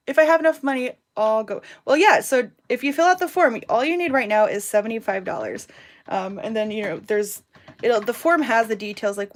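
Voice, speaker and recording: A woman in her thirties hosting a casual crafting livestream from home, rambling cheerfully and reading out viewers' names and comments as she works. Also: on the high side. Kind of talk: casual live-stream chat while crafting.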